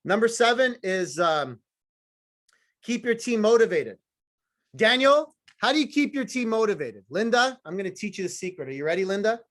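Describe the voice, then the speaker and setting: A man's voice: high-pitched, sing-song, fairly quick, fairly bright tone. A man giving a blunt, profane, fired-up motivational talk to a sales team, with punchy repeated phrases and teasing remarks to the audience. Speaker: motivational speaker.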